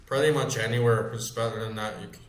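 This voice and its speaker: A man's voice: mid-range voice, steady tone, quick pace. A man in his thirties, a gaming streamer, rambling and ranting in casual chat, full of fillers. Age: 30s. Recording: roomy echo.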